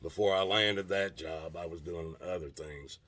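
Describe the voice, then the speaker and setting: A man's voice: low-pitched, a little slow, a bit bright. A man telling a long personal story in a casual, rambling way, with frequent restarts and plenty of swearing.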